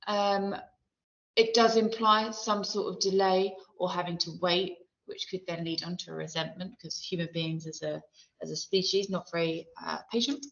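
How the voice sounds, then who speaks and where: A woman's voice: on the low side, a bit bright. Woman teacher explaining a poem. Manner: thoughtful, explanatory, with frequent ums. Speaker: English literature teacher. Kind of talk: recorded lesson with a poem reading. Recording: roomy, dull lo-fi sound.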